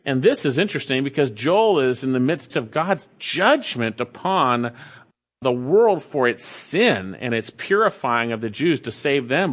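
A man preaching a sermon, reading scripture slowly and repeating key phrases with emphasis. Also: mid-range voice, a bit bright. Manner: reads scripture slowly and deliberately. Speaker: pastor.

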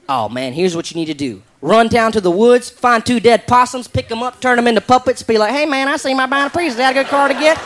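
A man doing a low, drawling redneck who gives deadpan folksy advice in a stand-up act. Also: fast, hardly any pauses. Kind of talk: stand-up comedy impression.

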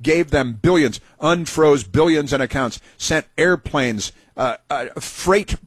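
A man's voice: fairly high pitch, slow pace, breathy edge, no echo. A man hosting a talk radio show, delivering a rambling, sarcastic monologue full of fillers and restarts.

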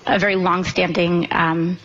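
A woman's voice: lowish voice, little pitch movement, measured pace, fairly bright tone. Woman politician stumbling through an answer, lots of ums, dull slightly noisy clip. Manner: hesitant, full of fillers and restarts. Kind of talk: halting spoken answer. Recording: dull clip with faint background noise.

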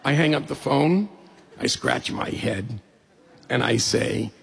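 Gravelly, husky man telling a story. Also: medium pitch, takes it slowly. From New York State. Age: middle-aged. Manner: lively, humorous, acts out quoted voices. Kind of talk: personal story told to an audience. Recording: long hall reverb.

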